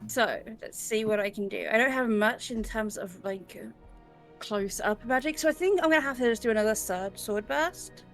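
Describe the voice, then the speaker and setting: A woman's voice: on the high side, normal speed, a bit bright, soft background music. A woman playing a tabletop game, chatting casually, laughing often and swearing freely. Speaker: player.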